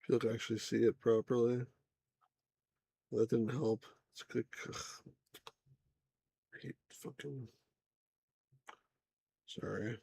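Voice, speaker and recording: A man's voice: mid-range voice, level tone, takes it slowly, vocal fry, pauses often, dark tone, breathy edge, dry recording. A man hosting a casual let's play, chatting loosely and muttering asides to himself. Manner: laid-back, mumbles asides to himself. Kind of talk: casual gameplay chat.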